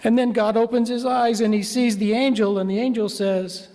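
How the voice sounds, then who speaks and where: High-voiced minister preaching in a reverberant church. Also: male voice, steady tone, moderate pace, hardly any pauses, warm tone. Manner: conversational storytelling. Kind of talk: sermon.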